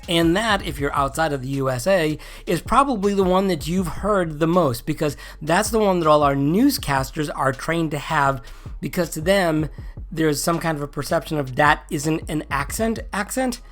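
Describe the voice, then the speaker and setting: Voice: mid-range voice, moderate pace. Wry host with a neutral American accent. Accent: neutral General American, native New England accent mostly dropped. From New England. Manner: wry, joking asides. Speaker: video host. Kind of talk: casual explainer vlog.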